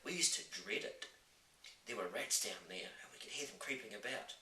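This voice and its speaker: A man voicing a small, plucky orphan girl in a quick, high, clipped voice. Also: big pitch swings, vocal fry, sharp tone, full character voice. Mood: matter-of-fact. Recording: roomy, distant mic, faint hiss.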